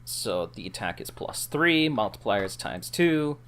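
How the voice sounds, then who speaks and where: A man's voice: on the low side, very animated, unhurried, fairly bright tone. A man playing a tabletop role-playing game, methodically describing his spell and reading out his rolls. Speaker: player. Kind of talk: casual tabletop play.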